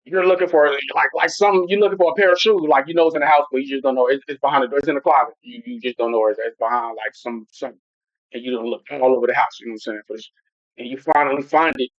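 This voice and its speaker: A man's voice: medium pitch, steady tone, fast, no echo. A man hosting a casual football livestream who rambles loosely and talks straight to his chat. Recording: dull lo-fi home stream audio.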